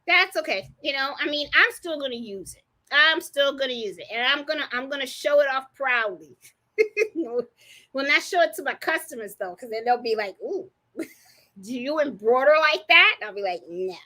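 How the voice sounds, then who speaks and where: A woman's voice: high voice, animated, brisk, pushed and bright. A woman hosting a live crafting stream, chatting casually, laughing often and greeting viewers by name. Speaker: livestream host.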